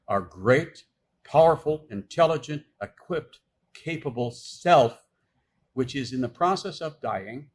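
A man delivers a sermon in a husky voice that ranges widely in pitch. He reads scripture passages aloud, then explains them with emphatic, repeated points. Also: animated, takes it slowly. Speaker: pastor.

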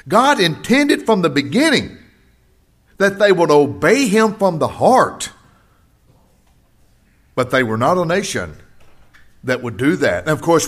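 Older preacher guy, kinda high voice, really animated, gets loud on the big points then goes quiet. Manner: preaches with rising emphasis, drops quiet for personal stories. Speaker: pastor. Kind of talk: sermon.

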